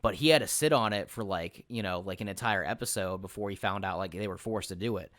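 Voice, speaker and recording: Animated low-voiced man telling game stories. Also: fast talker, dry recording, studio quality. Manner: animated storyteller who acts out quotes and swears freely. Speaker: podcast host and game master. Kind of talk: casual podcast chat.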